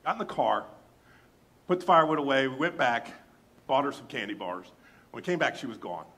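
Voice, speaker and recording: A male pastor shares a personal story during a sermon, talking chattily and directly to the congregation while animatedly acting out what people said. His mid-range voice moves at a brisk clip.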